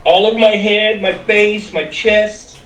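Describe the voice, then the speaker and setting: A man's voice: high voice, fairly even intonation, unhurried, fairly bright tone, slight background noise. A man playing a tabletop game, eagerly describing his character's actions. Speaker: player. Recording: roomy distant mic.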